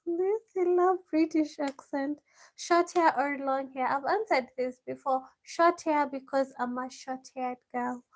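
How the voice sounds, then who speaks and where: Woman vlogger, unhurried casual live-stream Q&A, reads each question aloud and answers it. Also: sits high. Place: village home.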